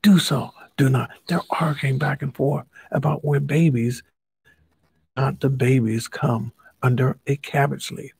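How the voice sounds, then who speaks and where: Slow, husky man reading a kids' story. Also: mid-range voice, level tone, a little mellow, dry recording. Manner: playful, asks the listener questions. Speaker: Bible study teacher. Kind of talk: reading a children's story aloud with commentary.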